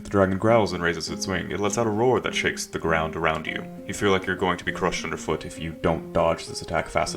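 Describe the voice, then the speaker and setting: A man reading an improvised story game aloud, with dry, joking asides. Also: sits low. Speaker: gamer narrating a text adventure.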